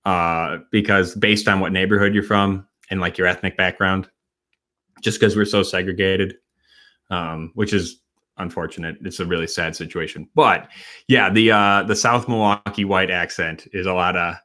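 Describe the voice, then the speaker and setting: Man from Wisconsin, livestream host, low voice, rambling, halting, slightly tipsy. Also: fairly even intonation, bright, forceful tone. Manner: rambling, halting, with many fillers and restarts. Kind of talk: casual late-night livestream chat.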